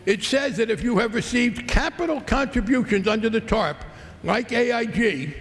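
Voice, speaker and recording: A man's voice: extremely high pitch, lively intonation, moderate pace, fairly bright tone. A congressman giving a combative, sarcastic floor rebuttal in a large legislative chamber. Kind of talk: floor debate speech. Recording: long reverb of a large chamber.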